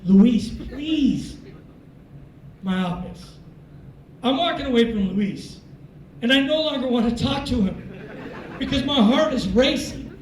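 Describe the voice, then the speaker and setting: A man with a strikingly high voice giving a motivational speech in a large hall. He tells his story in an animated way and acts out the dialogue. The sound is echoey and comes from some way off the mic, with faint noise behind. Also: moderate pace, distant mic. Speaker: military speaker.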